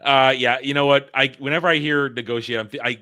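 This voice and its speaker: Bright-voiced excitable man chatting about movies. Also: medium pitch, quick pace, smooth. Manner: excitable, stumbles over words, acts out movie lines. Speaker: podcast co-host. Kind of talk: casual film discussion.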